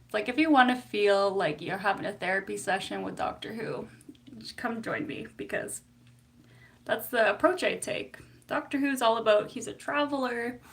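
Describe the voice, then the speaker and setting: A woman's voice: a little high, normal speed, creaky, a bit bright. A woman therapist chatting casually on a live stream, giggly and full of fillers. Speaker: psychotherapist.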